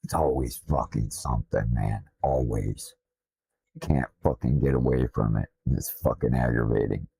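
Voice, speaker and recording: A man with a Southern drawl, a streamer talking casually in a blunt, profane, self-deprecating way, his deep voice slightly slurred from missing teeth. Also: normal speed, creaky, dark tone, breathy edge. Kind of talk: casual rambling stream talk. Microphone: desktop streaming mic.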